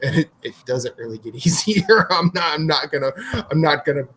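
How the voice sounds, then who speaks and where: A man in his late thirties co-hosting a casual podcast chat, telling stories in an animated way and swearing freely. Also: a little high, fairly quick, slight background noise. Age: 30s. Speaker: podcast co-host.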